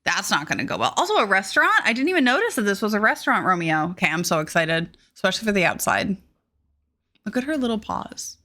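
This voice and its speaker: Young woman streamer, bright gushing casual chatter. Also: medium pitch, very animated, quick pace, few pauses. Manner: bubbly, gushing, reads chat aloud. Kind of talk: casual live-stream chat.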